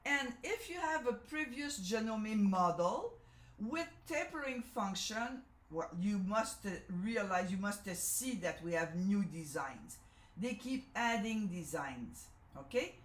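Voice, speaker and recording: Speaking slowly and expressively in a mid-range voice, a woman demonstrates a sewing machine live from an echoey room. She is a first-language French speaker with a Canadian French accent who chats along, fixes her own wording, and often asks "okay?".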